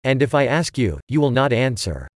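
A man voicing a calm, solemn grown male teacher in a plain, even reading. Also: medium pitch, normal speed, no room sound, studio quality, lightly acted.

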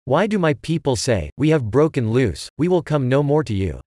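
Male scripture reader, mid-pitched, measured delivery, dry close mic. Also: sing-song, dark tone, dry recording. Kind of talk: scripted Bible reading.

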